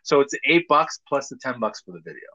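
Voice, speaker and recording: A man in loose, joking conversation, his voice swinging lively up and down with a bright, forceful edge. The recording is a little dull and lo-fi. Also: medium pitch, a little fast. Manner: joking, teasing, laughs often. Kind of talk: casual chat. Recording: dull lo-fi sound.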